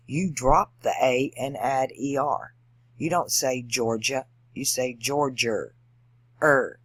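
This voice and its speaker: A man's voice: medium pitch, a bit bright, no room sound. A man talking to camera in a rambling monologue, digressive and emphatic, stopping to spell words out letter by letter. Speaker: video channel host. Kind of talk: rambling monologue on language and esoterics.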